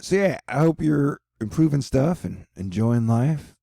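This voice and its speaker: Casting note: young male vlogger, dry and self-mocking, gravelly low-key voice, close dry sound. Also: lively intonation, unhurried, few pauses, warm tone, dry recording. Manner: rambling, sarcastic, self-mocking. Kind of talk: casual rambling vlog. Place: his apartment.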